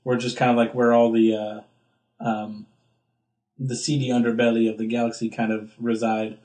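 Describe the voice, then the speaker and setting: A young man chatting casually on a podcast, his speech loose and rambling with many fillers and restarts. His voice sits at a middle pitch, and he jumps into excited bursts when he retells a scene. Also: moderate pace. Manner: rambling, filler-heavy, acts out quotes with big pitch jumps. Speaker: podcast co-host. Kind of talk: casual chat.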